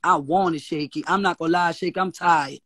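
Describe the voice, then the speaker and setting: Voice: medium pitch, fairly even intonation, brisk, a bit bright, dry recording. A guest with a New Orleans accent ranting on a live stream, profane, defiant and mocking, repeating insults. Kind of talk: heated live-stream rant.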